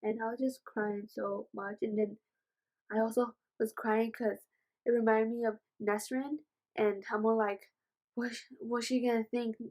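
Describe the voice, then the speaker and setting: A woman's voice: on the high side, a little slow, rough recording. Gushing woman book reviewer. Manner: gushing, excitable, says "oh my gosh" often; rambling retelling with many fillers. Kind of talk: casual book review vlog.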